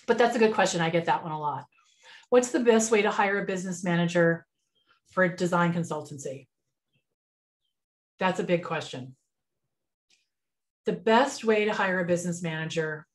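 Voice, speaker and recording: A woman business mentor giving a relaxed, conversational webinar over a computer mic, with lots of fillers and restarts. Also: on the low side, normal speed, long pauses.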